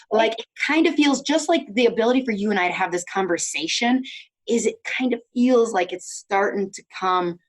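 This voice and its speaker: A woman hosting a podcast, talking in an animated, chatty way with lots of "like"s. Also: mid-range voice, moderate pace. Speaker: podcast host. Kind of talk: casual conversation.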